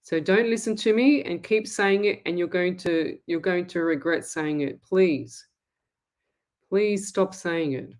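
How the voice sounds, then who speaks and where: A woman's voice: lowish voice, unhurried, darkish tone. An Australian woman hosting a live-stream, reading out viewer comments and answering them in a blunt, emphatic way. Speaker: psychic medium host.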